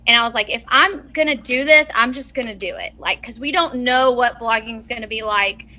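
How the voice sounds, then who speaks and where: Southern woman, thirties, high bright voice, lively storyteller, podcast guest. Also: brisk. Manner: chatty, laughs often, animated storytelling. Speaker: travel blogger guest. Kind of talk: casual podcast chat.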